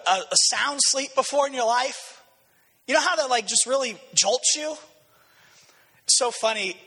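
A man preaching a sermon, dramatic and storytelling, dropping low and then rising to shouts. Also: in a large hall. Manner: dramatic, swings between quiet and shouted quotes. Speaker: pastor.

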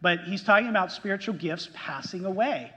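A man preaching a sermon as pastor, emphatic and pausing to ask the congregation questions. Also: high voice, pushed and bright. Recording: long hall reverb.

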